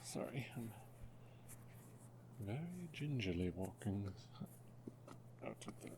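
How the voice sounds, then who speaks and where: A man making his first ASMR video, talking in a soft, half-whispered voice that is hushed and self-mocking, and often apologizing. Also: lowish voice, sing-song, slow pace, noisy background. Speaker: ASMR creator.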